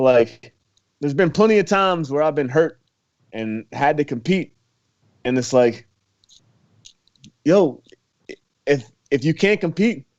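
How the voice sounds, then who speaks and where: Guest: young man, slightly high voice, easygoing and chatty, muffled lo-fi sound. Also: a little mellow. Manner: laid-back, laughing, filler-heavy talk. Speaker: guest, former college wrestler. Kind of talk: casual interview chat. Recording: muffled lo-fi recording.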